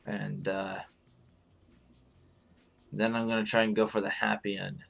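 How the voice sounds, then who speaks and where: A man hosting a live stream in casual chat, hoarse and rambling, swearing freely as he answers his viewers. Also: on the low side, little pitch movement, a little slow, a bit bright, faint music behind.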